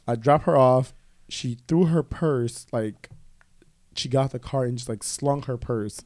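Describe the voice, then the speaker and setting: A male guest tells a personal story in casual chat, speaking at a measured pace in a mid-range voice. He's animated and profane, acting out other people's voices as he quotes them. The recording is studio quality with no room sound.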